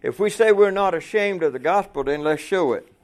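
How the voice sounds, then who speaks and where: A man's voice: high voice, lively intonation, fairly quick. A man preaching a folksy sermon to fellow truckers, asking the room rhetorical questions.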